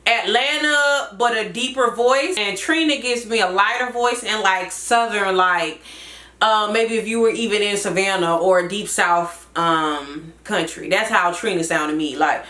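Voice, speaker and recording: An upbeat woman explains how she voices her cartoon characters in a chatty, bright voice. The room sounds echoey around her. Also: mid-range voice, measured pace. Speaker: cartoon creator and voice actor. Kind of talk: behind-the-scenes explanation.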